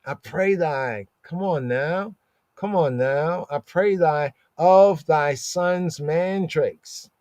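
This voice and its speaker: Animated man teaching scripture. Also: a little high, slow pace, no echo. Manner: conversational, animated, reads verses and acts out the characters. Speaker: Torah study teacher.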